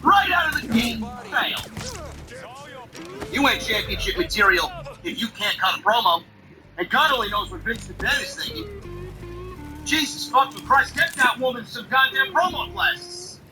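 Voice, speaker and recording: A man's voice: very high voice, lively intonation, moderate pace, pauses often, rough recording. A man giving exasperated, sarcastic wrestling commentary, swearing heavily as he rants. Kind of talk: profane ranting commentary. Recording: voice off-mic with music behind.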